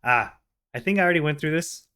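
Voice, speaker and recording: A man hosting a casual reaction video, explaining slowly with plenty of fillers into a desk microphone. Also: a little high, lively intonation, sharp tone, clean tone, faint music behind.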